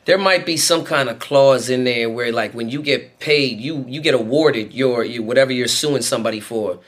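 A man co-hosting a podcast, chatting casually and cracking quick jokes. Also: medium pitch. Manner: joking, quick interjections. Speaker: podcast co-host. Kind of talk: casual chat.

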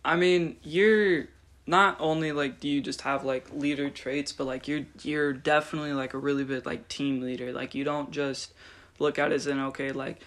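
A man's voice: a little high, steady tone, moderate pace, fairly bright tone. A young man hosting a casual interview podcast, rambling with many filler words as he asks questions. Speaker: podcast host.

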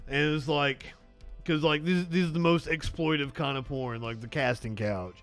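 Male host, somewhat high voice, rambly and crude, dry close mic, faint music. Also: a bit bright, smooth, dry recording. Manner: rambling, profane, self-deprecating, halting restarts. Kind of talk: crude comedic banter. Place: home studio desk. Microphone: desk mic with soundboard.

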